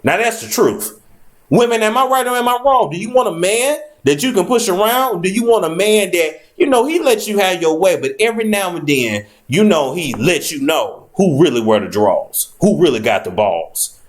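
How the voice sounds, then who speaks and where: A man vlogging comedic celebrity commentary, lecturing each one as if they were called into his office. His voice sits a little high and swings up and down with lively, theatrical emphasis. The talk is blunt and full of cursing. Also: moderate pace. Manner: profane, scolding, as if lecturing in an office.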